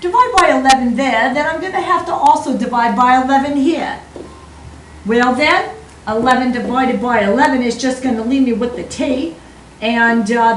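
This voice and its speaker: A woman's voice: high-pitched, reverberant, far from the mic, a little hiss or hum, natural voice, low-quality recording. Woman putting on an Aussie teacher saying "mate". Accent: Australian, put on. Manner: jokey, calls students "mate". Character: Australian-accented woman math teacher. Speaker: math teacher. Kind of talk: math lesson in a put-on accent.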